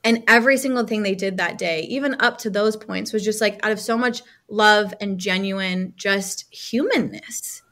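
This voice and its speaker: A woman coach talks as a guest on a podcast. She tells a personal story in a casual, animated way, acting out what other people said, and her voice sits at an ordinary middle pitch. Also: moderate pace, hardly any pauses. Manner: lively storyteller who acts out other people's lines, with frequent "like" fillers.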